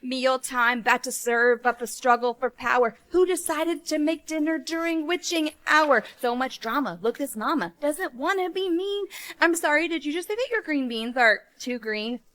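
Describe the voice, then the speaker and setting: A woman's voice: high-pitched, animated, normal speed, fairly bright tone. A woman in her thirties, a mom doing comedic monologues in a sarcastic, exasperated way.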